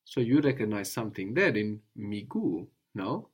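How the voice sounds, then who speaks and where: A man's voice: on the low side, sing-song, moderate pace, slightly rough. Patient male tutor running a guided lesson, prompts and recaps, frequent "no?" check-ins. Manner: patient, often ends with a questioning "no?". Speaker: language teacher.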